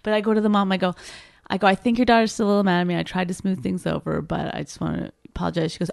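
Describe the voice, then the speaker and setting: Woman comedian, gravelly lowish voice, animated storytelling, quotes people, dry close sound. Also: fast talker, no echo. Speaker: stand-up comedian. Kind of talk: casual storytelling chat.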